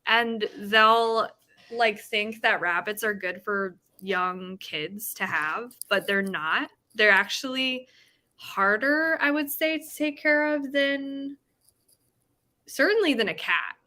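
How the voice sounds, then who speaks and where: A young woman in her twenties chatting casually with a friend, full of fillers and animated about her pet rabbit. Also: on the high side, slow. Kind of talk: casual chat.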